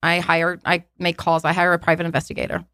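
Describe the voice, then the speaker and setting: A woman telling a personal story on a podcast, in a casual, animated way, acting out what people said with many fillers. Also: lowish voice, quick pace, dry recording, studio quality. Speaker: guest telling her story.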